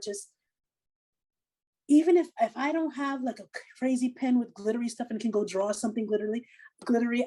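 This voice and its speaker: A middle-aged woman, a comedian and laughter yoga teacher, giving casual animated advice full of quoted asides. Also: on the high side, low-quality recording.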